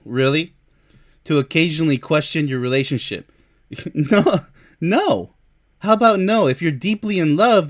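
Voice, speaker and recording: A man giving opinionated, scornful commentary while reviewing a relationship article, often mocking the quoted views. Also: medium pitch.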